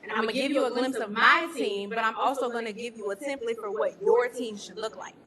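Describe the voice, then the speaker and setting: A woman's voice: fairly high pitch, fairly even intonation, brisk, a bit bright, a little hiss or hum. A woman leading a faith-based business teaching, asking her listeners pointed questions and using football comparisons. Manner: preacherly, uses football analogies, asks the audience direct questions. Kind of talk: teaching with slides.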